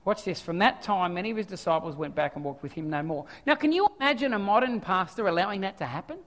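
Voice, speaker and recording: A male pastor preaching a sermon, swinging from quiet scripture reading to loud animated asides. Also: sits high, fast, big-room sound.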